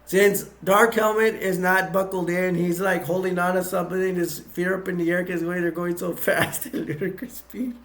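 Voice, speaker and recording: A man's voice: sits high, flat delivery, moderate pace, few pauses, fairly bright tone. A man giving a casual movie plot recap, rambling with frequent restarts and chuckles. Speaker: video reviewer.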